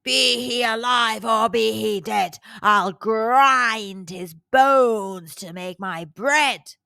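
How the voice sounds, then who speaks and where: A booming greedy giant, as a woman reads him. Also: clear, resonant tone, dry recording, clean studio sound. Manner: booming, slow and loud. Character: huge male giant, greedy and bellowing.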